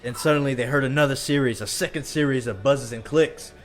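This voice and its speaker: A man, telling a story in a drawn-out country storytelling voice and often asking "all right?". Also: medium pitch, fairly even intonation, faint music behind. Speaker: podcast co-host.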